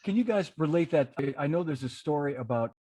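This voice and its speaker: A man hosting an interview podcast, chatting in a relaxed, slightly hesitant way. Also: fairly high pitch, brisk, crowd noise. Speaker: podcast host. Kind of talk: casual interview chat.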